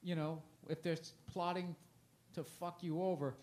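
A man's voice: fairly high pitch, fairly even intonation, moderate pace, darkish tone. A man in his forties, a comedian talking in a loose, rambling, self-mocking way with plenty of swearing. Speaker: comedian guest. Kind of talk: casual chat. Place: festival interview.

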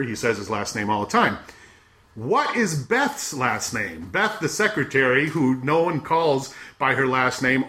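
A man hosting a podcast, chatting casually and retelling scenes with animated laughter. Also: mid-range voice. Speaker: podcast host. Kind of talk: casual chat.

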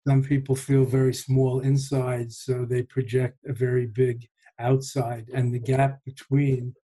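A man talks through ideas in a warm, mellow voice. He is unhurried and reflective, pausing and restarting as he thinks aloud. It sounds like a relaxed podcast conversation. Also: mid-range voice, husky. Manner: thoughtful, unhurried, with pauses and restarts. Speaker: podcast host and meditation teacher.

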